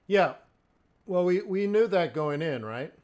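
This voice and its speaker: A man's voice: sits high, expressive, measured pace, darkish tone. A man hosting a live trading stream, giving loose, chatty market commentary and checking in often with the viewers. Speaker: forex trader and stream host.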